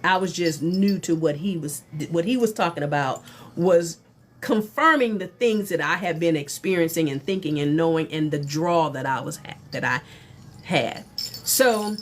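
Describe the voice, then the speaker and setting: Lively middle-aged woman telling a story. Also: low-pitched, normal speed, a little hiss or hum. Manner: animated, exclamatory, folksy. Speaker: spiritual teacher. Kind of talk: casual livestream storytelling.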